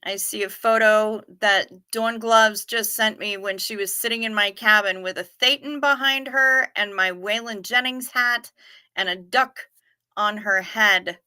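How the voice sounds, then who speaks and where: Slow-talking, bright-voiced woman streamer. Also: medium pitch, steady tone, clean tone. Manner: salty, swears freely, chats with viewers. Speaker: livestream host. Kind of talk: casual livestream chat.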